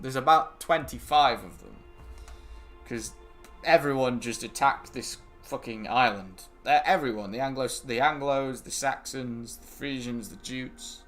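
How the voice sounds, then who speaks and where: A man's voice: mid-range voice, normal speed, a bit bright, soft background music. A young British man chatting casually on a gaming livestream, rambling between topics, answering chat and swearing loosely. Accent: British English. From Britain. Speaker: gaming streamer.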